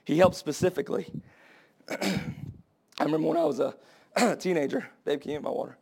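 A young adult man preaching a sermon to his church, impassioned and building to high, emphatic cries. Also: brisk, gravelly, a little mellow, husky. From United States.

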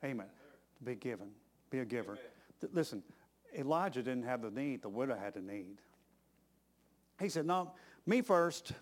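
A man's voice: medium pitch, expressive, moderate pace, pauses often. A middle-aged man, preaching a sermon in a folksy storytelling way and peppering his talk with "amen.".

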